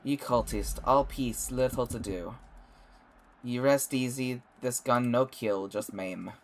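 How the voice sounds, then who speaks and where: A man voicing a gruff male alien rebel who speaks in clipped, broken phrases. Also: fairly high pitch, expressive, a little slow, low-quality recording.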